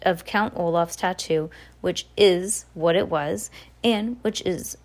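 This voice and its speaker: A woman reading a children's novel aloud in a plain, steady way. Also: on the low side. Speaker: audiobook reader. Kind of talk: audiobook narration.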